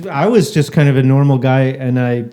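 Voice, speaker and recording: A man's voice: medium pitch, brisk, mellow. A man co-hosting a podcast, telling stories in an easygoing, amused way during casual chat. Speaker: podcast co-host.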